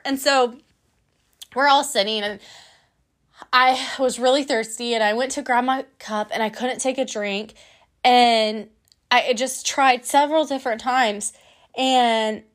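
A young adult woman telling a candid personal story in a lively, emotional way, acting out what her friends said. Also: high-pitched, a little slow. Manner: candid, emotional, lively retelling with quoted voices.

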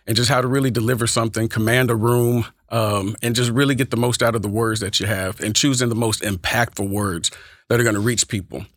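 A man with a Texas country accent, a public speaking teacher, chatting as a guest in a measured, deliberate way. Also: on the low side, steady tone, a bit bright, no echo, studio quality. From Oakland, California, and Texas. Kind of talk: casual interview chat.

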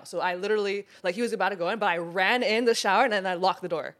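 A young-sounding woman tells a long story in casual chat, her words tumbling out quickly. She slips into quick impressions of the people in it and laughs along the way. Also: mid-range voice, steady tone, fairly bright tone. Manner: rambling, laughing, acts out quotes.

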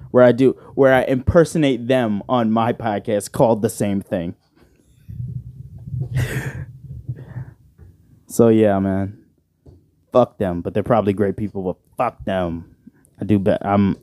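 A man's voice: fairly low pitch, fairly even intonation, unhurried, long pauses, dark tone, no room sound, clean studio sound. Rambling, cursing male podcast host. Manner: rambling, profane and joking, with frequent "bro". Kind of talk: casual solo podcast chat. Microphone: side-address studio microphone.

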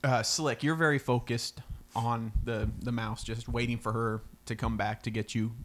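A man narrating as game master in a tabletop game, relaxed and quick to laugh. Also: mid-range voice. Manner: relaxed, laughs often, easygoing.

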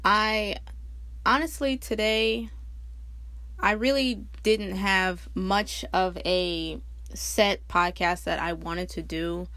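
A woman hosting her own podcast, talking casually and candidly, laughing often and swearing freely as she tells stories with big jumps in pitch. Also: steady tone, takes it slowly, a bit bright, no room sound. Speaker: podcast host. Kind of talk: casual personal monologue.

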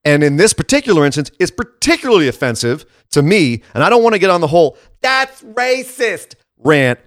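A man co-hosting a casual podcast who rants with sarcasm and animated frustration. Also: fairly high pitch, quick pace, no room sound, clean studio sound. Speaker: podcast co-host. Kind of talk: casual wrestling commentary chat.

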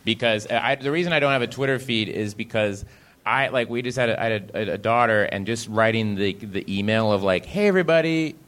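A man's voice: on the low side, fairly even intonation, a little fast, fairly bright tone. A man on a live panel before an audience, rambling casually, laughing often and mimicking voices with swearing. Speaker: comedic performer on a live panel. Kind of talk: casual stage conversation.

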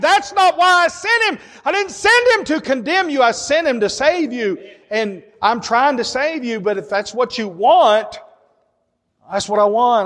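Brief: high-voiced male preacher, impassioned delivery, long hall reverb. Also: lively intonation, normal speed. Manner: impassioned, swings between soaring high cries and low hushed storytelling. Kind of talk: sermon.

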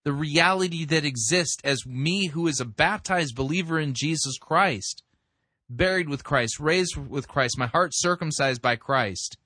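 Give me a critical male sermon reviewer with a bright voice and dry, close sound. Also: a little high, unhurried, no echo. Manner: critical, explanatory, reads scripture. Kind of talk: commentary.

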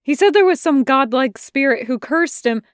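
A woman voicing a shy, nervous teenage boy who stammers and rushes his words on a phone call. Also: high voice, expressive, no echo, clean studio sound, pitched above the performer's own voice.

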